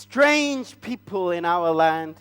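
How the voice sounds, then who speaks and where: A man voicing a boastful, spiteful royal official in a church children's story, speaking loudly and gloating. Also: sits high, expressive, slow pace, big-room sound, pitched below the performer's own voice, exaggerated voice.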